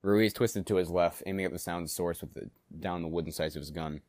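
A man with a deep, low voice reads a story aloud. He shifts into the characters' lines as they come up. The sound is dry and close to the mic. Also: fairly even intonation, brisk, no echo. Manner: acts out characters in dialogue, shouting and growling. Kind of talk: reading a fan story aloud, voicing characters.

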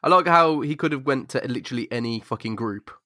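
A man's voice: medium pitch, quick pace, bright, forceful tone, dry recording, studio quality. A man co-hosting a comic book podcast, swearing and laughing as he chats. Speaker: podcast co-host. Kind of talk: casual comic book chat.

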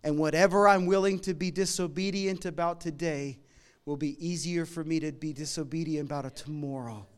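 A middle-aged man preaching a sermon in a conversational, humorous way, moving between loud emphatic lines and quiet asides. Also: a little high, steady tone, brisk, few pauses, clean tone. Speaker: pastor.

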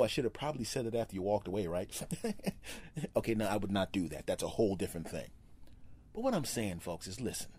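A man's voice: on the low side, darkish tone. A man hosting his own podcast, delivering a comedic solo rant, mock-tough and self-deprecating with sarcastic asides. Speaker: podcast host.

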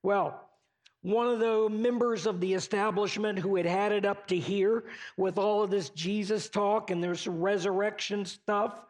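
Slow-talking high-voiced male preacher. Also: fairly even intonation. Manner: conversational, casual paraphrase with asides to listeners. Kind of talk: sermon storytelling.

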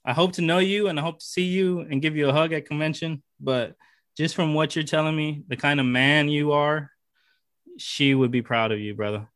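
A man's voice: fairly high pitch, steady tone, normal speed, a bit bright, no echo, studio quality. A man co-hosting a podcast interview, talking in an emphatic, heartfelt way and repeating phrases for emphasis. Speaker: podcast co-host. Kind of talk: casual interview chat.

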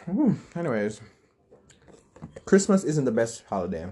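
A man's voice: medium pitch, big pitch swings, measured pace, mellow, husky. A young man chatting casually and bluntly, trading opinions and laughing easily. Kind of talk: casual chat.

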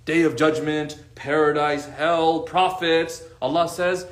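A man giving a lively, conversational sermon to a group, acting out what friends would say. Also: fairly high pitch, normal speed, hardly any pauses, echoey room. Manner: animated, conversational, acts out quoted friends. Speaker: religious teacher.

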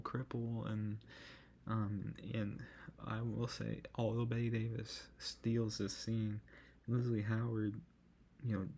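A man's voice: on the low side, creaky, dark tone, a little hiss or hum. A man hosting a podcast, talking through a film review in an enthusiastic, rambling way and often correcting himself. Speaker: podcast host. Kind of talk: casual film review chat.

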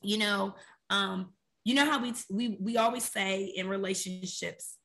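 A woman's voice: mid-range voice, unhurried, creaky, fairly bright tone. A woman co-hosting a faith podcast, talking about prayer in an earnest, conversational and emphatic way. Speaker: podcast co-host.

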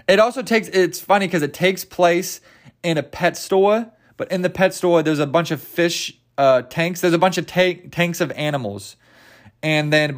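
A young man hosting a casual solo podcast, rambling and joking, often tripping over his words. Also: on the high side. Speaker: podcast host.

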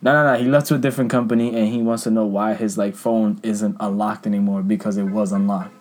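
A young man on a casual podcast, telling profane, animated stories about work and acting out customers. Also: fast talker. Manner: animated, profane, acts out customers in higher voices. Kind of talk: casual storytelling chat.

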